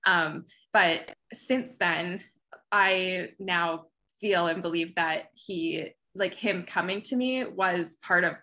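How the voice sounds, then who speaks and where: A woman co-hosting a podcast, talking in a relaxed, reflective way with plenty of filler words. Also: on the low side, slow pace. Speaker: podcast co-host. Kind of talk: casual podcast chat.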